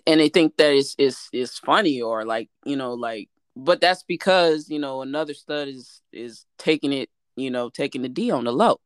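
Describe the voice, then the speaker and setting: A woman chatting casually as a guest, relaxed and conversational, often asking "you know what I'm saying". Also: extremely low pitch, normal speed, hardly any pauses, smooth, no room sound, clean studio sound. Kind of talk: casual chat.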